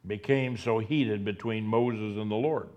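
A man preaching a sermon, speaking slowly and deliberately and repeating key phrases for emphasis. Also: fairly low pitch, darkish tone, highs cut off.

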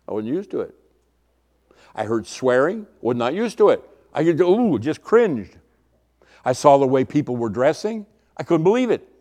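Older male preacher, mid-range voice, conversational sermon, repetitive, soft trailing endings. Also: medium pitch.

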